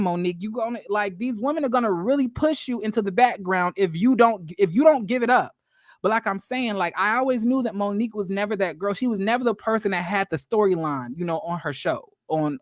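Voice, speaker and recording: A man's voice: high-pitched, dry recording, clean studio sound. A man giving a casual, gossipy recap of a reality show, full of fillers and shade, talking straight to his viewers. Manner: chatty and gossipy, addresses viewers as y'all, full of likes and you-knows; sassy, throws shade. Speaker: YouTube commentator.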